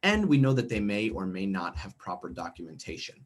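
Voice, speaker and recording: A middle-aged American man with a low voice and big pitch swings talks briskly as he leads a teacher training workshop over a video call. The professional development presentation is chatty, with constant check-ins of "okay?" and "right?".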